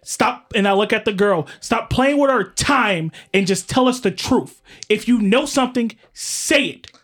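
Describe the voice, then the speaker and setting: Higher-voiced male player, intense and confrontational. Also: expressive, a little slow, a bit bright. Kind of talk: in-character tabletop role-play.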